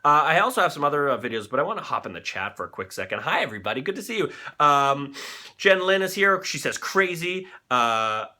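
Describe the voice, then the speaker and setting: A man hosting a live online show, reacting excitedly to viral videos with frequent fillers and swearing. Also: on the high side, a little fast.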